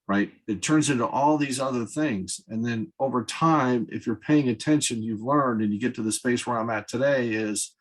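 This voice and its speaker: A man's voice: medium pitch, moderate pace, hardly any pauses, low-quality recording. A man in his fifties speaking as a podcast guest, earnest and emphatic, repeating words for stress. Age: 50s. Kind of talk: candid conversational talk.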